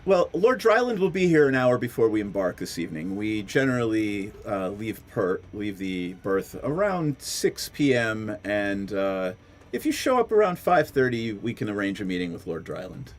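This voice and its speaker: A man voicing a prim human woman who guards entry to a pleasure barge, polite and measured. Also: on the low side, sing-song, slight background noise, voice pushed down. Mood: cool, polite.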